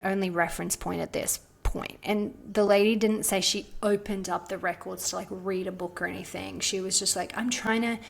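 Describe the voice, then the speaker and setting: A woman's voice: mid-range voice, normal speed, gravelly, few pauses. A woman guest on a podcast, telling a personal story in a casual, chatty way, with lots of "like" fillers. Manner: chatty, frequent "like" fillers, animated retelling.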